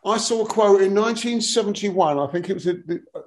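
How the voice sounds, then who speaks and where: A man in his sixties, a guest musician telling rambling, animated stories with lots of restarts and casual swearing. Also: high-pitched, fairly quick. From England. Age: 60s. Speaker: guest musician, bass player. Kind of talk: casual anecdotal interview talk.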